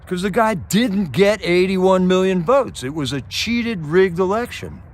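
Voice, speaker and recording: A man's voice: high voice, lively intonation, a little slow. A man hosting a livestream, ranting about politics in a casual, impassioned way and firing off rhetorical questions while answering his chat. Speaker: livestream host reading chat.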